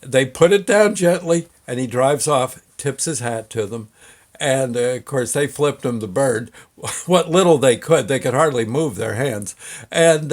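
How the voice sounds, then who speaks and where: A man hosting his show and telling a casual anecdote in a rambling way, with many fillers and restarts and frequent chuckles. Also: mid-range voice. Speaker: show host, storyteller.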